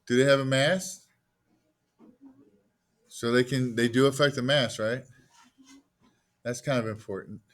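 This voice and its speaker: A man's voice: medium pitch, steady tone, unhurried, long pauses. Man lecturing, quizzing the class. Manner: asks the class questions and answers them himself; casual, jokey asides. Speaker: teacher.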